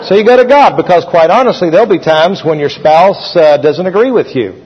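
A pastor preaches to his congregation in a conversational way, leading call-and-response. His voice sits high, is expressive, and moves fairly quickly. The hall recording sounds dull and echoey.

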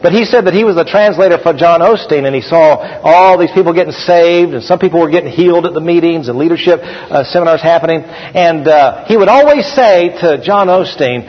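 A man's voice: fairly high pitch, fairly quick, hardly any pauses, in a large hall, highs cut off. A male pastor preaching a sermon in a conversational, storytelling way that often checks in with the congregation.

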